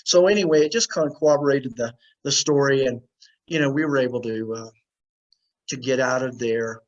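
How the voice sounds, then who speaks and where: A man's voice: mid-range voice, brisk, muffled recording. A man, a guest on an interview show, telling a story casually and acting out the other people in it. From United States. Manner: animated anecdote teller, acts out quoted voices.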